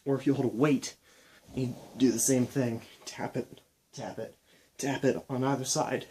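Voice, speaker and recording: Young man, fitness instructor, casual demo talk, mid pitch, counts reps aloud. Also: a little slow, slight background noise. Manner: relaxed, talks while demonstrating moves, counts reps aloud. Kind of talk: casual exercise demonstration.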